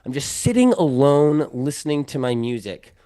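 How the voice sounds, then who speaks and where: A man's voice: a little high, very animated, moderate pace, warm tone. A man guest on a casual podcast, telling a story in a rambling way, full of "like" and restarts. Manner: rambling, heavy use of "like", many restarts.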